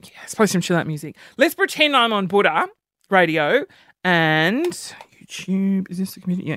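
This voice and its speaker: A man's voice: sits high, fairly bright tone, no echo, studio quality. Chatty self-mocking man. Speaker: podcast host. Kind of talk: solo comedic podcast chat.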